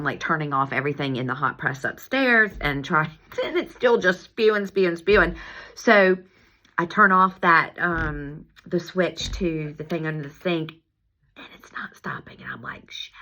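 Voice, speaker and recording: A woman chiropractor telling a story in a casual monologue, animated and laughing as she acts out her own exclamations. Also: low voice. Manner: animated, laughing, lively retelling with acted-out exclamations.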